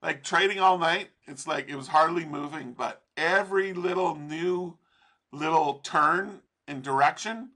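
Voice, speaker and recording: A man's voice: a little high, measured pace, bright, forceful tone. A man teaching trading over a chart in a casual, profane, rambling way, laughing often. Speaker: trading instructor.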